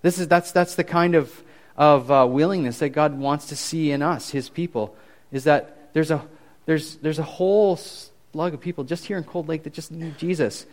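Animated man preaching to youth. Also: on the high side, moderate pace. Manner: animated, conversational preaching with frequent restarts. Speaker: youth pastor. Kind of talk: casual youth sermon.

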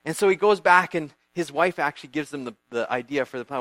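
A man giving a church youth group talk, retelling a Bible story in a lively way, acting out characters and quizzing his listeners. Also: fairly high pitch, fast, few pauses, no room sound.

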